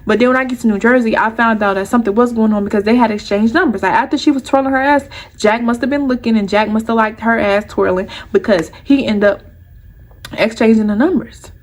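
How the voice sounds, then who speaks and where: A young woman vlogger telling a personal story to her viewers in an animated, heated, profane way. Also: on the high side, brisk.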